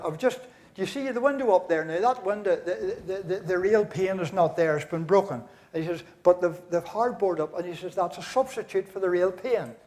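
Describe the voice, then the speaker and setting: A man's voice: a little high, a little mellow. An older man with a Northern Irish accent, compering a concert in a large church and telling jokes through a stage microphone, chuckling and rambling with many fillers and restarts. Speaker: master of ceremonies.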